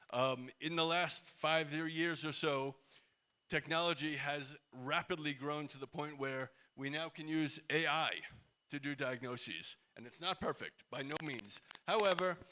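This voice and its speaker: A man's voice: a little high, bright, forceful tone, a little hiss or hum. A man giving a casual, engaging talk to a crowd in a large indoor hall, asking the audience questions. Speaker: company CEO speaking at event.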